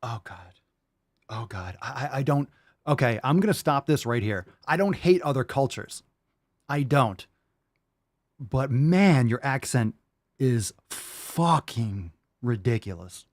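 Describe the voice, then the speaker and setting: A man's voice: medium pitch, lively intonation, a little slow, long pauses, no echo, clean studio sound. A man hosting a livestream podcast, reacting to clips with a profane, exasperated rant. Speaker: podcast host.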